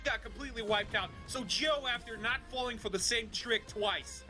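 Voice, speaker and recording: A man commentating a live tank game match, excitable and jokey, quick to laugh. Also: very high-pitched. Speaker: esports commentator. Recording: faint music behind.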